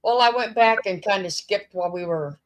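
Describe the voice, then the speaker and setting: A chatty woman in a relaxed conversation, tossing in quick asides as she goes. Her voice sits at an ordinary middle pitch. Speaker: channel co-host. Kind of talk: casual chat.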